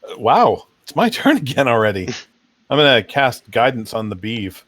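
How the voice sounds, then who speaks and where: A man's voice: mid-range voice, big pitch swings, moderate pace, fairly bright tone, dry recording. A man playing a tabletop game over voice chat, wry and bossy in a joking way. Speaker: player.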